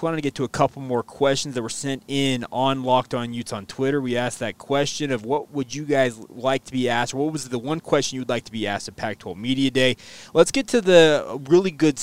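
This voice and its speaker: A man's voice: mid-range voice, clear, resonant tone, dry recording. A man hosting a college sports podcast, chatting and reading a sponsor ad in an upbeat way. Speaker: podcast host. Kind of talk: sports podcast chat and ad read.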